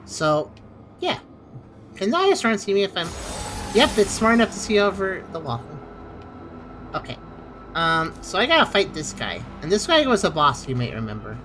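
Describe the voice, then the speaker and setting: A woman talks through her gameplay in a casual, reactive way, her pitch bouncing up and down. She chats with her viewers and reacts out loud to what happens on screen. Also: wildly swooping pitch, moderate pace, pauses often, a little hiss or hum. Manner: chatty, reactive, playful asides. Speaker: streamer.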